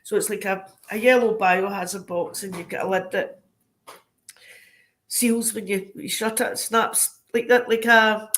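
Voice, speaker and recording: A woman with a Scottish accent, a podcast guest telling animated anecdotes in a casual way. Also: mid-range voice, unhurried. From Scotland. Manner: lively, animated anecdotes broken by frequent laughter. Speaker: podcast guest, crime scene cleaner. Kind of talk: casual storytelling.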